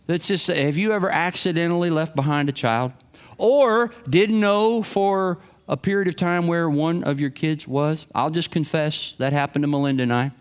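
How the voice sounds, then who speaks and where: A man's voice: a little high, normal speed, clear, resonant tone. A middle-aged male pastor giving a sermon and telling stories in a conversational way. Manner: storytelling, conversational preaching.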